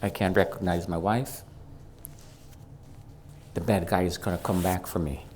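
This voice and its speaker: A man's voice: steady tone, a little slow, slight background noise. A man preaching a personal testimony in church, telling the story dramatically and acting out the voices of the people in it. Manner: dramatic storytelling, shifts from loud and high to low and quiet; acts out quoted voices. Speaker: guest preacher. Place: church sanctuary.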